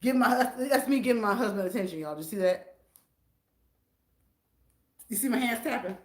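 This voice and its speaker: An older woman with a Southern US accent chatting on a live stream in an animated, preachy way. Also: fairly high pitch, moderate pace, echoey room. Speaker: vlogger. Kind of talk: casual live-stream chat.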